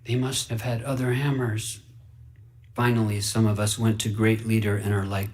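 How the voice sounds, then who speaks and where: A man reading a fable aloud for radio in an earnest, wide-eyed way, dropping to hushed whispers and rising into excited bursts. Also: on the low side, normal speed. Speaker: story reader.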